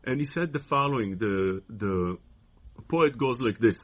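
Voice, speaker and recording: A man giving a weekly Torah portion talk in a halting way, often repeating words and restarting. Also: medium pitch, animated, fairly bright tone.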